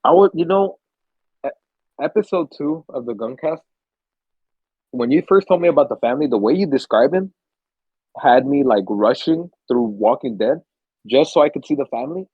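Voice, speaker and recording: A young man on a podcast, co-hosting a casual chat, tells stories animatedly with plenty of swearing, acting out the screams and gasps. His husky voice is medium-pitched, at normal speed, with long pauses. The recording is dull and has no echo.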